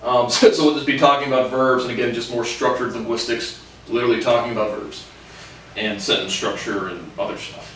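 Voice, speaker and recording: A man's voice: mid-range voice, fairly even intonation, fairly quick, fairly bright tone, a little hiss or hum. A man giving a casual video lesson on Spanish verbs, rambling and hesitant with many fillers. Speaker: language learner teaching Spanish verbs. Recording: very echoey room, mic at a distance.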